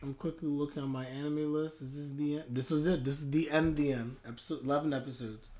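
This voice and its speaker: A man streaming a live anime reaction, talking in an excitable, animated way. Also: on the high side, normal speed, long pauses.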